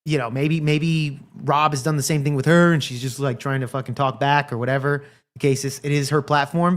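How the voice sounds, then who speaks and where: Man hosting a reaction stream, rambling and profane, mid-pitched voice. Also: steady tone, brisk. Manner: profane, rambling, laughs often. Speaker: stream host. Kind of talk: casual reaction commentary.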